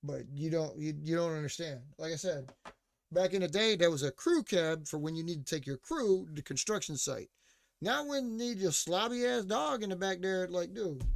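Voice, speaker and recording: A man with a high voice rants as a podcast host, swearing freely and mocking his listeners, with filler words everywhere. The sound is dry and close, with no room around it. He also breaks off now and then to answer someone off-mic. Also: vocal fry, dry recording. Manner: profane, mocking rant with frequent fillers; responds to chat or co-host mid-rant. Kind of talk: casual ranting monologue.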